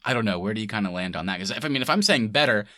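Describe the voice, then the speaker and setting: Podcast co-host, male, bright lively voice, dry close mic, loose and laughing. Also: on the low side, racing, no echo. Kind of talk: casual movie-review chat.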